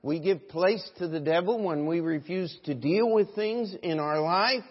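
A male pastor with a high, husky voice preaches to his congregation, dropping to quiet reflection and then building to loud, emphatic exhortation while often asking them for an "Amen?". The long reverb of the church trails behind every phrase, and the recording sounds somewhat dull. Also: a little slow. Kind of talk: sermon. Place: church sanctuary.

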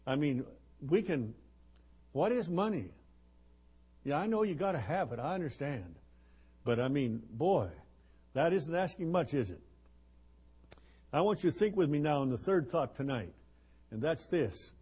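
Older man, 70s, husky and fairly high-voiced, chatty joking preacher at a missions gathering. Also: big pitch swings, measured pace, pauses often, warm tone. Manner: joking, rambling, with chuckles and fillers. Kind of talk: folksy sermon.

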